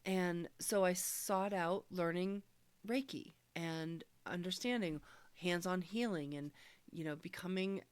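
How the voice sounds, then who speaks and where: A woman with a lowish voice recounts a personal healing experience in a reflective testimony. She speaks earnestly and softly, as if searching for each word. The sound is close and dry, with no room around it. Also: unhurried, clear, resonant tone, dry recording. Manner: earnest, searching, soft-spoken storytelling.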